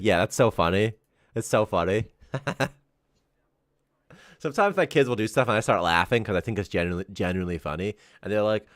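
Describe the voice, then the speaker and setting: A man in his thirties chatting casually on a live development stream, telling rambling, animated stories and laughing often. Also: lowish voice, quick pace, dry recording, studio quality. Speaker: game developer co-hosting a dev stream.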